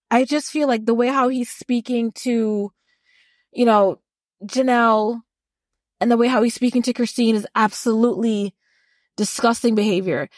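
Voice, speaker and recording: A woman's voice: sits high, no echo, clean studio sound. A woman co-hosting a podcast, giving a blunt, heated recap rant and swearing freely. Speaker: podcast co-host. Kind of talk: casual reality-TV recap rant.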